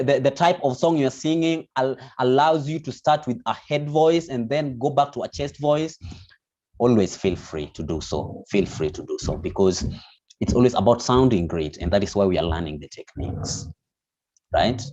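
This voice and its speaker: A man's voice: mid-range voice, a little mellow. A man teaching an online vocal lesson, explaining patiently with many restarts. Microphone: video call. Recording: dull lo-fi video call audio.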